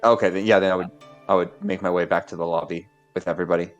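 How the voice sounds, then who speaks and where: A fairly low man's voice, dry and a bit stammery as he chats through a tabletop game. Faint music sits behind him. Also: steady tone, rapid-fire, muffled recording. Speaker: player. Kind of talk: casual tabletop play.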